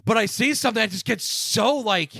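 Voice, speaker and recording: A man co-hosting a podcast in casual chat, joking and getting excited as he talks. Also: high voice, brisk, creaky, no echo, studio quality. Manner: excited, joking, quotes lines from the show. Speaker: podcast co-host.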